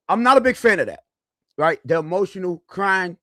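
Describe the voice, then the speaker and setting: Man, fairly high voice, casual sports chat, halting delivery, dry close mic. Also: expressive, pushed and bright, dry recording. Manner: halting, hesitant, restarts often. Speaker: podcast host.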